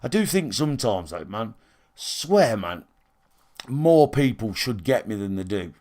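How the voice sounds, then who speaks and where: Blunt, sweary streamer. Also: male voice, fairly low pitch, very animated, measured pace, darkish tone. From England. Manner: blunt and sweary, rambling with restarts and fillers. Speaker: game streamer. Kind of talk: casual rambling chat to a live stream. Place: his own room, alone.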